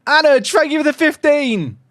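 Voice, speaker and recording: A man hosting a casual livestream, sleep-deprived, cooing softly at a puppy and chatting upbeat with viewers. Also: very high-pitched, lively intonation, moderate pace. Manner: coos softly at a puppy, then chats upbeat with his viewers. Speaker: livestream host.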